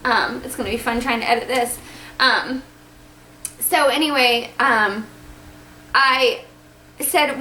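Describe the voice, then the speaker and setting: Woman vlogger, chatty animated storyteller, bright sharp tone, faint room hum behind. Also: fairly high pitch, slow pace, pauses often. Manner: chatty, animated, acts out dialogue. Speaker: vlogger telling her birth story. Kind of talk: casual storytelling to camera. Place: at home. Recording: echoey room, faint ambience.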